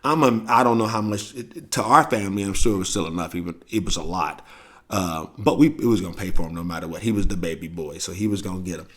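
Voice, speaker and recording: A man's voice: low-pitched, fast talker, a bit bright. A man with a St. hosting a podcast, telling a family story in a loose, profane, casual way and acting out the quoted voices. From St. Louis, USA. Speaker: podcast host.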